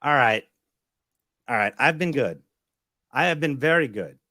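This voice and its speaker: A man's voice: medium pitch, animated, measured pace, bright, forceful tone, no echo, studio quality, pitched below the performer's own voice. A man playing a defensive, hot-tempered husband in an improv scene, sarcastic and blustery. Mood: indignant.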